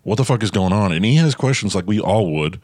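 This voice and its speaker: A man's voice: fairly low pitch, fast, no echo, studio quality. A man co-hosting a casual podcast, talking through a film scene by scene and quoting the characters. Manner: animated, retells scenes with quoted lines. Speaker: podcast co-host.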